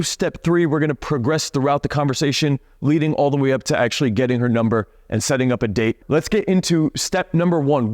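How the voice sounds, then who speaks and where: A young man coaching on dating, talking bluntly and profanely, and dragging out key words slowly for emphasis. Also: a little high, a little mellow, dry recording, studio quality. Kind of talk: direct-to-camera coaching talk.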